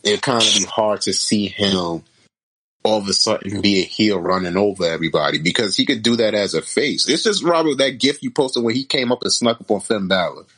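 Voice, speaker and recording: A man talking casually about wrestling with friends, animated and full of slang, sometimes dropping low for emphasis. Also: fairly quick, husky, low-quality recording. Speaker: wrestling podcast co-host. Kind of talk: casual chat.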